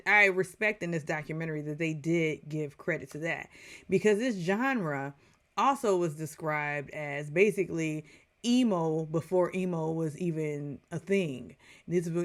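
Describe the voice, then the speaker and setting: A woman's voice: fairly low pitch, fairly bright tone. Chatty woman reviewing a film. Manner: chatty, digressive, with playful asides and many fillers. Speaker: movie reviewer. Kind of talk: casual video review.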